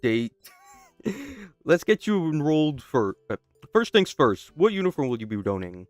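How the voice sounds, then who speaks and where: A young man reads through a game out loud, commenting casually as he plays. He often stops mid-line, restarts, and slips into quick joking asides. His voice is smooth and resonant, recorded dry on a close mic. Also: a little high, big pitch swings, dry recording, faint music behind. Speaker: gamer. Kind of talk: casual playthrough commentary, reading game text aloud.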